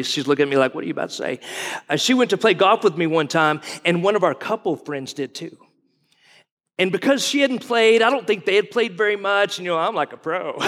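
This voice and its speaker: The voice sits high and fairly bright: a man in his forties serving as guest pastor. Folksy and conversational, he questions the congregation during his sermon, recorded with the long reverb of a large hall.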